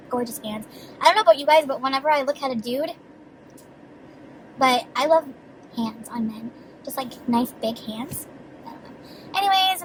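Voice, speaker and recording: A woman's voice: high-pitched, slight background noise, low-quality recording. A woman vlogging in a casual, rambling way, chatty and giggly, swearing freely as she talks. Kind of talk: casual rambling vlog chat.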